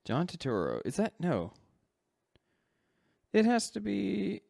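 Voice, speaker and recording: A man's voice: high-pitched, wildly swooping pitch, slow pace, creaky, a crowd in the background. A man co-hosting a podcast in casual chat, rambling and correcting himself as he talks. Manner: rambling, self-correcting, laughs often. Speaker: podcast co-host.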